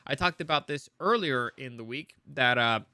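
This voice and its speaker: A man's voice: mid-range voice, moderate pace, sharp tone, clean tone, dry recording. A man hosting a casual entertainment news show, rambling with many restarts and opinionated asides.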